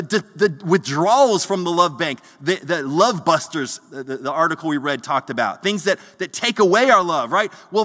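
A man's voice: high voice, bright, forceful tone. A man preaching a sermon as the pastor, earnest, often repeating words as he searches for them. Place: church hall. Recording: long church hall reverb.

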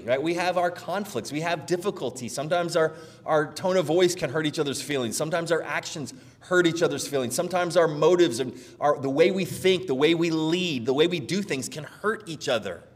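A middle-aged man preaching a sermon as pastor, conversational and animated, often checking in with "right?". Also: a little high, in a large hall.

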